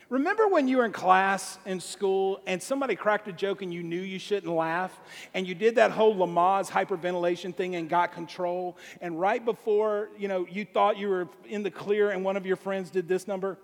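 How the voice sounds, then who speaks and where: A man with a high voice for his sex tells a comic story from the stage, lively and laughing along as he talks. His voice rings out with a long reverb that fills a big hall. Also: normal speed. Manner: animated, laughs through his own story. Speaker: speaker addressing a congregation. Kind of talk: comedic storytelling sermon.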